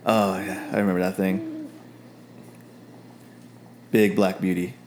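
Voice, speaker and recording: A man's voice: deep voice, little pitch movement, slow, darkish tone, slight background noise. A man voicing a cheerful male adventurer ally who is upbeat and nostalgic.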